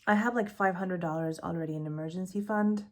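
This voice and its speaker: A woman's voice: lowish voice, brisk. A woman budgeting vlogger talking casually to camera, candid and rambling with fillers, self-corrections, nervous laughs and sighs.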